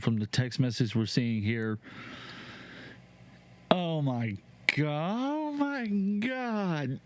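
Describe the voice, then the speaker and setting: A man hosting a casual reaction show, reading messages aloud and reacting with high-pitched disgusted exclamations. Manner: reads texts aloud slowly, breaks into high disgusted exclamations. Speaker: show host reacting to videos.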